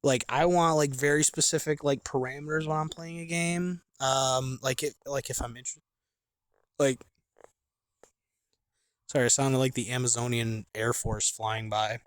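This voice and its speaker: A man's voice: mid-range voice, steady tone, a little slow, clear, resonant tone, no room sound. Laid-back rambling young man. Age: late 20s. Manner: loose, filler-heavy slang talk. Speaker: gaming podcast host. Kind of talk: casual rambling monologue. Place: camping chair outdoors.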